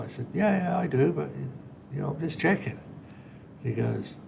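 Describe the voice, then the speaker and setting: Man, podcast host, solo monologue, gravelly voice, dull muffled recording with faint rumble. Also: expressive, normal speed. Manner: casual storytelling, acts out quoted dialogue.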